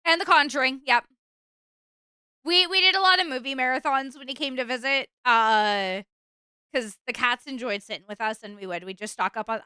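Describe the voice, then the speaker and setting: A young woman streamer chatting casually with her viewers, rambling and animated. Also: a little high, smooth, no echo. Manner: chatty, rambling, animated, with fillers and bursts of exasperation.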